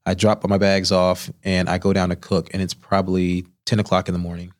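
A man's voice: low voice, fairly quick. A man, a chef and interview guest, telling stories in a podcast studio and acting out the people he quotes. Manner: animated storyteller who acts out quoted voices. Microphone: studio microphone.

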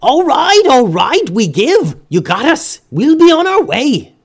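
A man voicing a humble, rowdy male pirate in a high, loud put-on voice. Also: huge pitch swings, measured pace, full character voice. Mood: pleading, sheepish.

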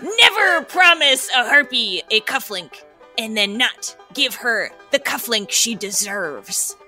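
A woman voicing a vengeful female harpy who speaks slowly and menacingly. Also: fairly high pitch, very animated, bright, forceful tone, soft background music, heavily acted. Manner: slow, menacing, theatrical.

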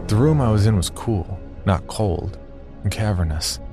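Deep-voiced man narrating a horror tale. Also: measured pace, music in the background. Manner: wry, deadpan. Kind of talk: first-person horror story narration.

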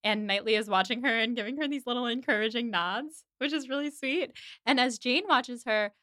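A woman's voice: on the high side, brisk, bright, forceful tone, dry recording, studio quality. A woman hosting a podcast, chattily recapping a TV episode and leaning on "like" as she talks. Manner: chatty retelling, heavy use of "like".

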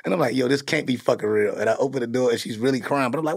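A middle-aged man hosting a podcast in casual chat, telling animated, profane stories and laughing often. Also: medium pitch, very fast, vocal fry, breathy edge, no room sound, clean studio sound. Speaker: podcast host.

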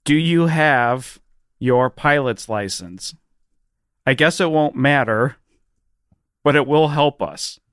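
A man's voice: medium pitch, takes it slowly, pauses often, a bit bright, clean tone, no room sound, clean studio sound. A man co-hosting a comedy podcast, goofy, reading aloud what he types. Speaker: podcast co-host. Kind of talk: comedic banter.

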